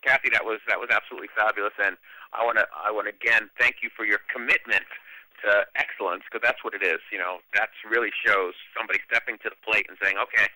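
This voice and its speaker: Host, male, lowish voice with a very bright edge, praising and upbeat. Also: fairly even intonation, quick pace, no room sound, low-quality recording. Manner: effusive, praising. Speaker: host of a conference call. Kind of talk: encouraging call hosting. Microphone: phone line.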